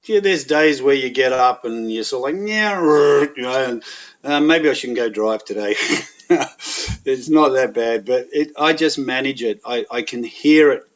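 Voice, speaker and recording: A man's voice: medium pitch, normal speed. An Australian man speaking as a podcast guest, telling frank, plain-spoken anecdotes in a candid, conversational way. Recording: dull lo-fi audio.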